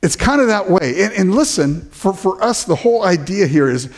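A man preaching a sermon as pastor, animated, often restarting words and acting out the people he quotes. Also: high voice, moderate pace.

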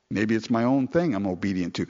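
A man preaching a sermon in a conversational, animated way, often chatting with listeners as he goes. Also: highs cut off. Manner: conversational, animated, mimics people in falsetto quotes.

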